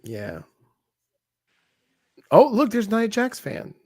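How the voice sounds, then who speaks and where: A man's voice: high voice, huge pitch swings, takes it slowly, breathy edge, no room sound, clean studio sound. A man co-hosting a live wrestling watch-along, chatting and joking casually. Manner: joking, chatty, reacts loudly. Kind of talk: casual live commentary chat.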